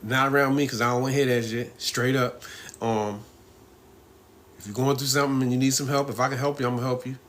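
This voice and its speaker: A man's voice: medium pitch, little pitch movement, fast talker, fairly bright tone. A middle-aged man hosting a casual live stream, talking in a loose, rambling way, laughing often and asking "you know what I mean?".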